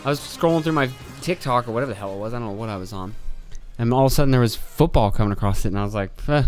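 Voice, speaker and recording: A man's voice: mid-range voice, racing, a little mellow, soft background music. A young man hosting a solo podcast, ranting and swearing, acting out other people's lines in mocking voices. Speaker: podcast host.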